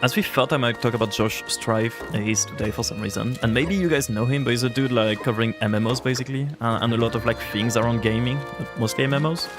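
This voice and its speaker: A man's voice: mid-range voice, fast, hardly any pauses, over music. Rambling male streamer chatting to viewers. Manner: rambling, heavy use of "like" fillers; reacts to and answers chat aloud. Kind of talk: casual live-stream chat while gaming.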